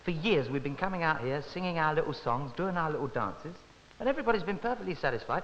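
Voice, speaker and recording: A man's voice: on the high side, lively intonation, quick pace, a bit bright. Cheeky man, stage patter, lo-fi. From Britain. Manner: cheeky, mock-earnest patter. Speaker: entertainer. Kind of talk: comic stage banter and song. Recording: lo-fi recording, long reverb, music behind.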